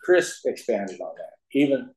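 A man's voice: medium pitch, lively intonation, a little slow, a little mellow. A middle-aged man from the Ozark Mountains telling his recovery story to a group, joking and laughing at his own lines. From Ozark Mountains, USA. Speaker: speaker at a recovery meeting. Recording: echoey meeting room.

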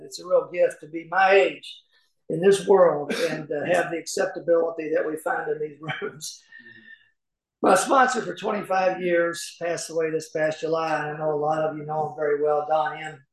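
An older man from Kentucky, USA, with a fairly high voice speaks at a recovery meeting, sharing his personal story with a crowded room. Folksy and conversational, he laughs often and uses many fillers. His podium mic rings out through a large meeting hall, leaving the recording echoey.

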